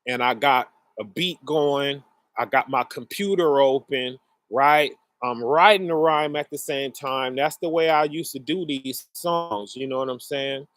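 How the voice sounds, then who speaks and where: A man's voice: mid-range voice, fairly bright tone, dry recording. Earnest man telling his story, dry close sound. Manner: conversational, often checks in with "right?" and "you know"; emotional and earnest, pace swings between rushed and slow. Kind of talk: personal testimony, casual storytelling.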